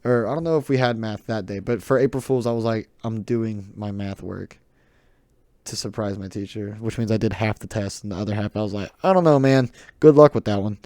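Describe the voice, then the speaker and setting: A teenage boy with a Southern US accent talks through his solo podcast in a loose ramble, laughing often and poking fun at himself. He has a lowish, slightly mellow voice, recorded without echo on a close desk mic.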